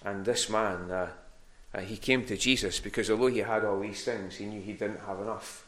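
A man's voice: fairly low pitch, steady tone, moderate pace, a bit bright. A man preaching a sermon to a congregation in a church hall. He speaks conversationally and often repeats words while he searches for the next one.

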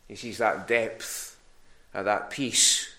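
A man's voice: on the low side, steady tone, slow, bright, forceful tone. A man preaching a sermon to a congregation in a church hall. He speaks conversationally and often repeats words while he searches for the next one.

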